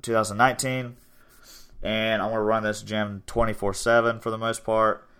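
A man's voice: on the low side, flat delivery, moderate pace, sharp tone, smooth. A young man in his twenties, hosting a casual podcast chat about his gym, rambling and upbeat. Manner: rambling, upbeat, self-promoting. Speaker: podcast host and gym owner.

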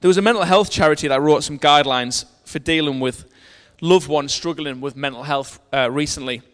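A man's voice: on the high side, a little fast, fairly bright tone, smooth, big-room sound. A man preaching a sermon in earnest, telling a personal story and reading verses aloud, with frequent restarts.

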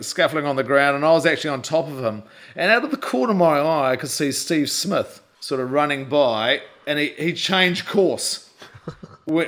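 Older New Zealand man telling a story. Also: on the high side. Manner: lively storyteller who acts out quotes and laughs. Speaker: guest, former rugby captain. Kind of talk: animated anecdote telling.

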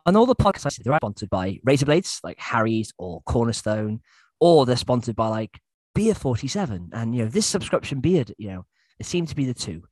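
A man co-hosting a podcast in casual chat, relaxed and jokey. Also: medium pitch, brisk, dry recording. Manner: laid-back, jokey, rambling. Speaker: podcast co-host. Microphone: remote call mic.

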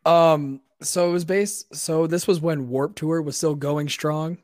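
A man's voice: a little high, steady tone, a little slow, darkish tone, no room sound, studio quality. A man on a podcast who laughs easily and starts telling his own story eagerly. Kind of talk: casual chat.

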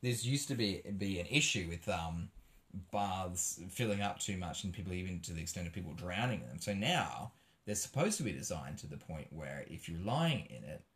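A man's voice: low-pitched, lively intonation, moderate pace, fairly bright tone. A man chatting casually as a podcast co-host, explaining at length.

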